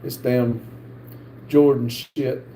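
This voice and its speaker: A middle-aged man with a North Carolina accent hosts a live stream and reads viewer comments aloud, halting often with "uh". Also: medium pitch, level tone, dark tone. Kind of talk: casual live-stream chat. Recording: echoey room with faint background hiss.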